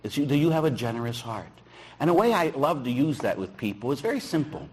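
A middle-aged man, a Catholic priest, giving a folksy, teasing sermon with a husky voice. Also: mid-range voice, very animated, fast. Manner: folksy, teasing, acts out dialogue with shouts. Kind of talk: sermon with storytelling.

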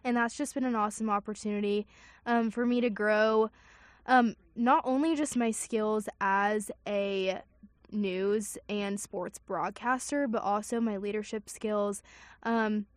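A woman's voice: on the high side, dry recording. A young woman, a college student, co-hosting a campus radio show in an eager, upbeat way, with frequent ums. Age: young adult. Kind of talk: casual radio chat.

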